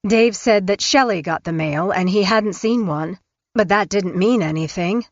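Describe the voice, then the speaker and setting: A woman narrating an audiobook in a measured, even way. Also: mid-range voice, no room sound. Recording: dull, dry studio recording.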